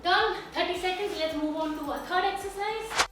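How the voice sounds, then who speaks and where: A woman with an Indian English accent and a very high voice coaches a home workout, speaking a little fast and out of breath as she exercises and explains each move. Soft music plays behind her, and she's recorded from far off in a very echoey room at home.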